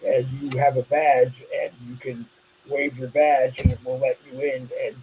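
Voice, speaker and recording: A man's voice: mid-range voice, little pitch movement, moderate pace, darkish tone, slight background noise, poor audio. A man co-hosting a casual live stream, telling stories in a chatty, loose way. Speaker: co-host.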